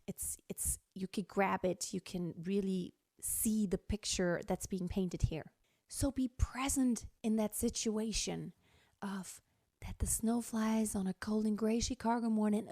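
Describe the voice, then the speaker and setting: A woman teaching a singing lesson, speaking with enthusiasm and encouragement and now and then dropping to a breathy tone to show voice colors. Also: medium pitch, dark tone, dry recording, studio quality. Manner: enthusiastic, encouraging, shifts between strong and breathy tones. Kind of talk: vocal lesson with sung demonstrations.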